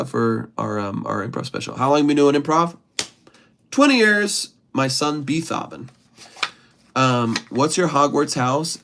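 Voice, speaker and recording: A man hosts a relaxed livestream, reading viewer comments aloud and riffing on them with playful humor. His mid-pitched voice has a gravelly, creaky texture. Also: slight background noise. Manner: playful, chatty, greets viewers by name. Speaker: improv comedian hosting a livestream.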